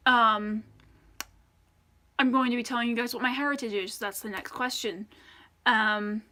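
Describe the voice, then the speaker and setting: A woman's voice: on the high side, fairly even intonation, moderate pace, pushed and bright. An American woman chatting casually to the camera in a Q&A vlog, rambling with many ums and restarts. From United States. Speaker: vlogger.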